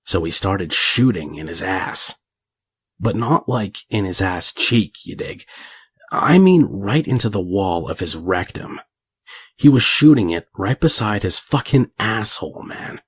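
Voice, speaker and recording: A man's voice: low-pitched, husky, no echo, full character voice. A man voicing a crude older male convict who tells a gross story with plenty of profanity. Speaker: narrator.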